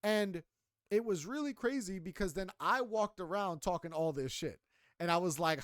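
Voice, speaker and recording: Young male podcast co-host, casual and profane storyteller, voice sits a bit high, dry sound. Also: fairly quick, dry recording. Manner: animated, profane, emphatic storytelling.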